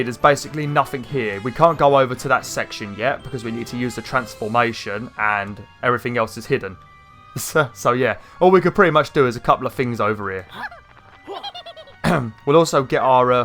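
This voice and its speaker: A man giving casual gameplay commentary, chatty and rambling, with an irritated throat that he keeps clearing. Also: mid-range voice, normal speed, fairly bright tone, soft background music. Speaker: gaming YouTuber.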